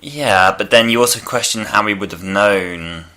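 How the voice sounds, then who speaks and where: A man co-hosting a relaxed fan review podcast, thinking out loud in an agreeable way. His voice sits low but has a bright, forceful edge. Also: moderate pace. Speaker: podcast co-host. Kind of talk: casual fan review chat.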